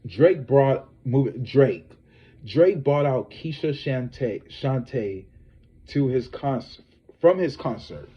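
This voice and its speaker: Profane, animated male gossip streamer. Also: medium pitch, slow, husky, lo-fi sound. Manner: profane, animated, talks straight to viewers. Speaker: psychic tarot reader and gossip host. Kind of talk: casual celebrity gossip livestream.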